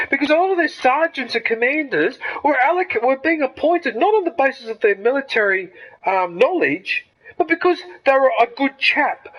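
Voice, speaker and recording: A man's voice: extremely high pitch, fairly bright tone, low-quality recording. A man, ranting heatedly and with lots of swearing during live gameplay commentary. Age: 50s. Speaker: gaming streamer.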